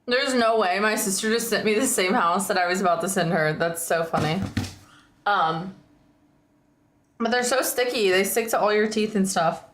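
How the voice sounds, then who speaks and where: A woman streamer talks casually to her viewers, rambling, with lots of "like" and "um". Her voice is slightly hoarse and sits at a middle pitch for a woman. The room has a noticeable echo. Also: moderate pace, a bit bright, a little hiss or hum. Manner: rambling, chatty, frequent likes and ums. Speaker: livestreamer.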